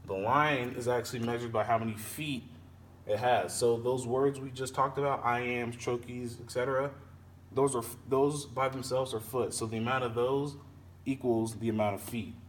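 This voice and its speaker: A man teaching a lesson on poetic meter, explaining slowly and repeating and sounding out words. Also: mid-range voice, fairly even intonation. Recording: distant mic with faint background noise.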